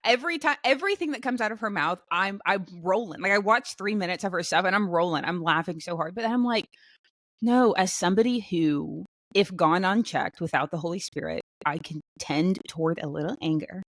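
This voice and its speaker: A woman co-hosting a podcast in casual chat, talking in an animated way with many fillers and restarts. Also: mid-range voice, fairly quick, no room sound, clean studio sound. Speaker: podcast co-host.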